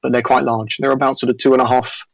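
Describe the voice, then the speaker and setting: A man narrates a tabletop game as its game master, pausing often and restarting his sentences. His mid-range voice has a gravelly edge. The sound is close and dry. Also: medium pitch, little pitch movement, dry recording, low-quality recording. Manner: halting, many fillers and restarts.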